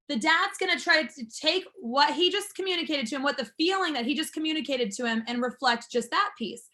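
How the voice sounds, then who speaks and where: A woman's voice: high-pitched, animated, moderate pace, few pauses, bright, forceful tone. A woman instructor teaching a class, explaining step by step in an upbeat, encouraging manner. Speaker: martial arts school instructor.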